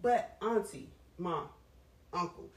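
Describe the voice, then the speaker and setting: A woman talking in a candid, casual chat, animated and frank, with plenty of profanity. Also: on the low side, slow. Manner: animated, frank and profane, swings between laughter and strain. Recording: roomy sound from a distant mic.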